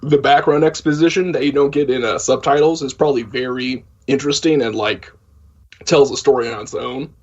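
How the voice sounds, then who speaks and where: Podcast co-host, man, husky voice, sweary rambling recap, dull lo-fi audio. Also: medium pitch, fairly even intonation, brisk, a little mellow. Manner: profane, rambling plot recap. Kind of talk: casual film discussion.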